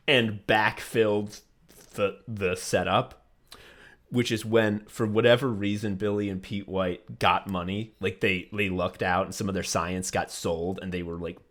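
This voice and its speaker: Lowish-voiced guy ranting on a comedy podcast, swears a lot, does silly voices. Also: little pitch movement, unhurried, a bit bright. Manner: ranting and profane, with exaggerated mock voices; laughs often while talking. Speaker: podcast co-host. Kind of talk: casual comedy podcast chat.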